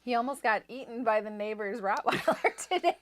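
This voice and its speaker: A woman's voice: a little high, expressive, a little fast. A young woman co-hosting a casual livestream, chatty and giggly, laughing often between remarks. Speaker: co-host of a guitar tone livestream.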